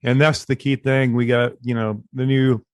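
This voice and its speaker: A man's voice: mid-range voice, flat delivery, normal speed, a little mellow, no echo. Affirming male podcast co-host, dry sound. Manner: affirming, sums up the talk. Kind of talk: casual interview.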